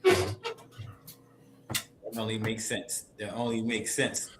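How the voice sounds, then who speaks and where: A man's voice: on the low side, fairly even intonation, very slow, very noisy. A man hosting a casual podcast, trading teasing banter and laughing often. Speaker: podcast host.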